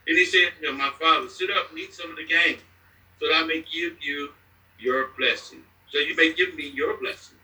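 Bright-voiced man reading scripture in an echoey room. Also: on the high side, steady tone, moderate pace, recorded from a distance. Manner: plain reading with restarts and slips. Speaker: scripture reader.

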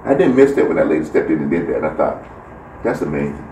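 A man with a rumbling low voice speaks rapid-fire, giving a casual faith talk in which he tells a devotional story and acts out the people in it with animated voices. The recording sounds roomy, with a distant mic and faint background noise.

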